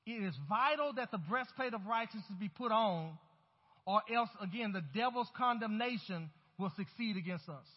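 A man's voice: high voice, normal speed, slightly rough, in a large hall. A man preaching a sermon as pastor, with emphatic rises and calls to the congregation. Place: church sanctuary. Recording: dull, hollow-sounding church recording.

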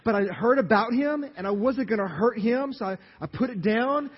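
A pastor from Louisiana with a Louisiana accent, preaching an animated sermon and asking the congregation questions. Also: male voice, extremely high pitch, moderate pace, slightly rough. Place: church sanctuary. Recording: dull audio, long hall reverb.

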